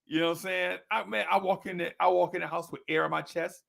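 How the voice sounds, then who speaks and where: A man in his fifties with a gravelly, slightly high voice spins stories in a loose, slangy chat. He is animated and laughs often as he talks, and his voice keeps its gritty texture throughout. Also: fast talker. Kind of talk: casual storytelling chat.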